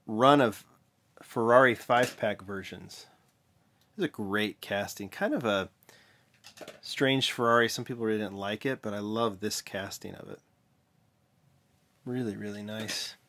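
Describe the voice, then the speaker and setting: Casting note: male vlog host, lowish voice, relaxed mumbly delivery, stops to correct himself. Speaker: vlog host, toy car collector. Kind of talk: casual show-and-tell vlog.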